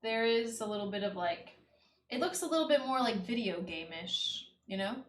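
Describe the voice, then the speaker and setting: A woman's voice: mid-range voice, expressive, moderate pace, a little hiss or hum. A young woman streaming while she paints, chatting loosely with lots of "like" and "you know.". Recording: echoey room with faint ambience.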